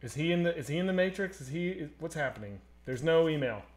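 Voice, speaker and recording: A man in his thirties hosting a casual live stream, joking and swearing as he reads chat, swinging between loud and quiet. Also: a little high, fast talker. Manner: animated, swearing, jokey, swings loud and soft. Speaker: streamer host.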